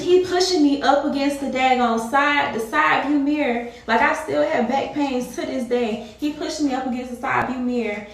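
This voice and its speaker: A woman vlogger with a high-pitched, fairly bright voice tells her viewers a personal story, casual yet emphatic, repeating herself and addressing them directly. The mic is distant and the room very echoey.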